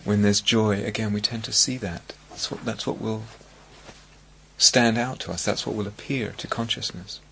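A man giving a dharma talk as a meditation teacher on a retreat. He speaks slowly and searchingly, with many pauses and restarts. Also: fairly low pitch, steady tone, vocal fry, bright, forceful tone, slight background noise.

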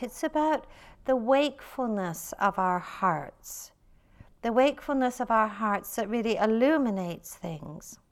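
A woman meditation teacher giving a dharma talk, slow and reflective, often softening to near a whisper. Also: a little high.

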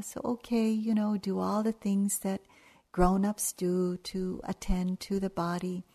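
An older woman giving a dharma talk as a meditation teacher, telling stories in a gentle, unhurried way. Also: mid-range voice, flat delivery, creaky. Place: retreat hall.

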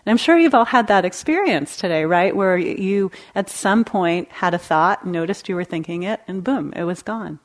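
A woman meditation teacher giving a dharma talk in a gentle, conversational way, laughing lightly now and then. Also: lowish voice, animated, normal speed, hardly any pauses. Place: meditation hall.

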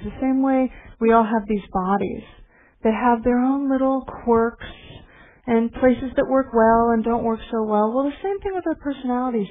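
A middle-aged woman meditation teacher giving a gentle, reflective dharma talk with pauses. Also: on the high side, slight background noise. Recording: tinny phone-like recording.

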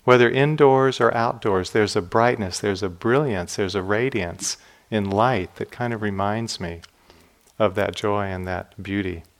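A man with a fairly low voice gives a dharma talk in an unhurried, storytelling way. His tone stays gentle and reflective. The ends of his phrases sink quietly. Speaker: meditation teacher. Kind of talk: dharma talk with personal stories.

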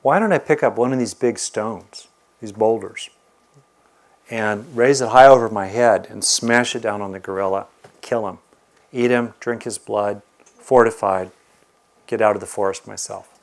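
A man's voice: fairly low pitch, moderate pace, close to an everyday voice. A desperate hunter, put on by a male storyteller, demanding and then coldly scheming. He speaks in a fable told aloud, self-centered and grasping. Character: desperate, ungrateful hunter, a grown man.

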